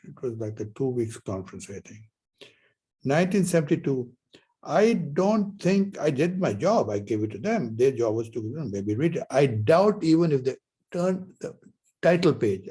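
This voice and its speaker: An older male professor lectures a class in a loose, anecdotal way, asking questions and answering them himself. His voice is mellow and a little husky. He wanders through the story with pauses and restarts. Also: medium pitch, low-quality recording. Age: 70s. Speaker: university lecturer.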